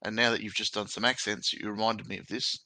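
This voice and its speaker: Brief: easygoing Australian host, crisp bright tone, dry recording. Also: male voice, fairly low pitch, flat delivery, fast talker, no echo, poor audio. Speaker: podcast host. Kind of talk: casual podcast chat.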